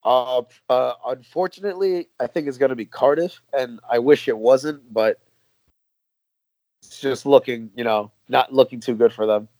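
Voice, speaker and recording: A man's voice: mid-range voice, moderate pace, darkish tone, no room sound. A man with a New York American accent, guest on a casual podcast chat, laid-back and slangy, laughing often. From New York, USA. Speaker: guest fan.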